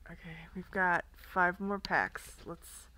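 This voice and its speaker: A woman's voice: lowish voice, slow, background noise. A young woman casually chatting as she opens trading card packs, giggling often and reading card names aloud. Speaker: card collector vlogger. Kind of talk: casual unboxing chat.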